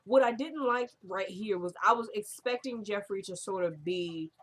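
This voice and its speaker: A woman's voice: medium pitch, normal speed, slight background noise. A young woman recapping a TV episode in casual chat, rambling and talking straight to her viewers at home.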